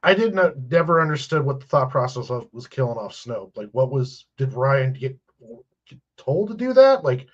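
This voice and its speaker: A man's voice: mid-range voice, big pitch swings, moderate pace. A man chatting on a podcast, rambling and restarting his sentences with an exasperated tone. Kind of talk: casual chat. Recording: muffled lo-fi audio.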